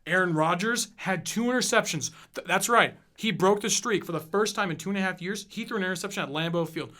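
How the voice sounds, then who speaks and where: Guy in his 20s, high bright voice, swearing and ranting about his team on a casual podcast. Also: brisk. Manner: profane, fired-up, emphatic. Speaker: podcast host. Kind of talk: casual sports rant.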